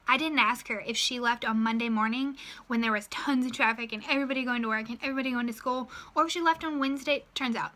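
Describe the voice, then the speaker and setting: A woman in her thirties telling a story in a chatty, animated way, acting out her own inner voice, then coaching her sales team. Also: a little high. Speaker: direct sales team leader. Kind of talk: motivational storytelling vlog.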